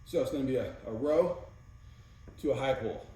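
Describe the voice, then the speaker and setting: A man's voice: medium pitch, normal speed, warm tone. A man giving casual workout instruction as a fitness coach, counting reps between exercise cues. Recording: very echoey room, mic far off, faint noise.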